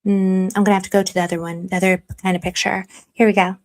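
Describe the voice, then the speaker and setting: A woman's voice: mid-range voice, little pitch movement, quick pace, darkish tone. A young woman hosting a casual live stream, chatting freely, reading comments and teasing her viewers with mock stern warnings. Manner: chatty and self-deprecating, reads chat aloud, slips into mock stern warnings. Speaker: livestream commentary host.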